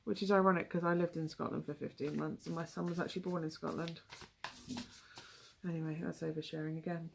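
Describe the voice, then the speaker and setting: Gravelly chatty West Country woman. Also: low-pitched, little pitch movement, a little fast, a little hiss or hum. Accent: West Country English. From England. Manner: chatty, rambling, with frequent ums and asides. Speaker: tarot reader. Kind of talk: casual tarot reading.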